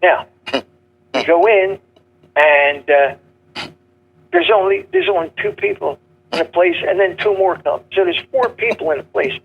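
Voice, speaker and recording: An older man telling comedy stories in a punchy, joke-driven way, acting out gruff characters. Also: high-pitched, sing-song, unhurried, pauses often, narrow, tinny audio. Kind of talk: casual storytelling interview.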